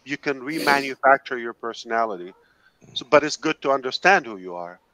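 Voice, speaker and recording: A man joining a casual call as a guest, giving earnest advice in halting phrases with frequent restarts. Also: mid-range voice, animated, sharp tone, no echo, low-quality recording. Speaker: special guest. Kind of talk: casual video-call chat.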